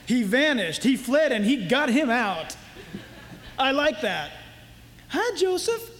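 A pastor delivers a sermon in an unhurried, lively way, playing out the voices in his stories. His voice sits very high for a man. The sound carries a long hall reverb. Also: noisy background. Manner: animated, acts out voices for stories.

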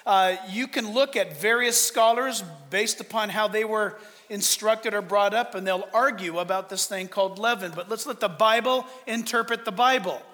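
A man's voice: high-pitched, moderate pace, bright, forceful tone, big-room sound. A man preaching a sermon as pastor, emphatic and full of rhetorical questions. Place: church.

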